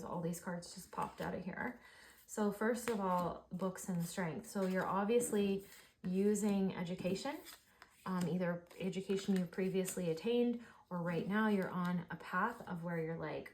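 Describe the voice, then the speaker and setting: Excitable woman giving an oracle reading. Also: lowish voice, moderate pace. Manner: excited, gushing, heavy use of "like". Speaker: oracle card reader. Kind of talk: spiritual card reading. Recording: echoey room.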